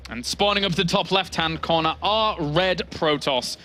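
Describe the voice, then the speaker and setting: A man with an English accent commentates an esports match in a slightly high voice. He is chatty and quick to laugh, and he brings announcer flourishes to his calls. A faint hiss sits under the recording. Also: sharp tone. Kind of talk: play-by-play game commentary.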